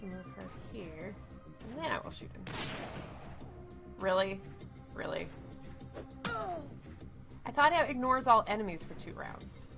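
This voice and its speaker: A young woman talks through a game stream in a casual, chatty way, greeting viewers as they arrive. Her voice swings up and down with lively pitch. Faint game music plays underneath. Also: slow pace, long pauses.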